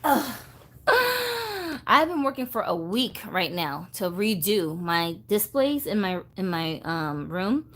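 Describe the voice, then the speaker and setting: A woman's voice: on the low side, expressive, measured pace, few pauses, a bit bright. Chatty woman streaming casually. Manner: chatty, rambling, reads viewer comments aloud. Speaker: doll collector livestream host. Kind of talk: casual livestream chat.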